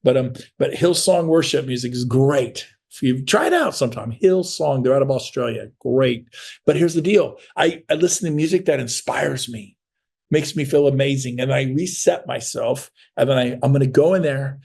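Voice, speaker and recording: A middle-aged man coaching real estate agents in a motivational sales talk, blunt and energetic, acting out little dialogues. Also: medium pitch, normal speed, gravelly, breathy edge.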